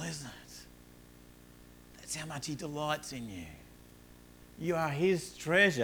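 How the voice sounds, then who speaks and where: A man preaching a sermon, telling everyday stories with rising energy, then dropping low and soft to make his points. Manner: earnest, rises animatedly in stories, drops low and soft on points. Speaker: pastor.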